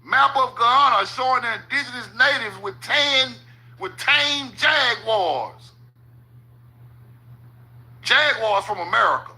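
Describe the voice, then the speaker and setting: High-pitched, gravelly man, slow talk. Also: animated, sharp tone, low-quality recording. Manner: profane, repeats "hold on", laughs at his own points. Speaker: channel host. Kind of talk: casual commentary over maps.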